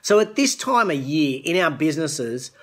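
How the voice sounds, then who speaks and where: A man's voice: a little high, very animated, moderate pace. A middle-aged Australian man hosting a live business show, giving an earnest, coaching talk on leadership and greeting viewers by name. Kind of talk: live-streamed motivational talk.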